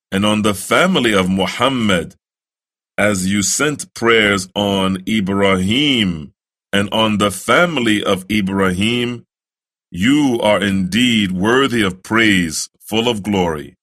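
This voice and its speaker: A man giving careful instruction to new Muslims, reciting prayer phrases slowly and deliberately so the listener can repeat them. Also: on the low side, fairly bright tone. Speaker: religious instructor. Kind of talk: slow, careful instructional narration.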